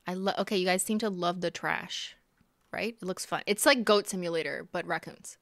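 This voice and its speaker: Bright-voiced woman streamer. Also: mid-range voice, normal speed, creaky, no room sound. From Canada. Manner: chatty, giggly, talks to chat. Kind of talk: casual live-stream chat while gaming.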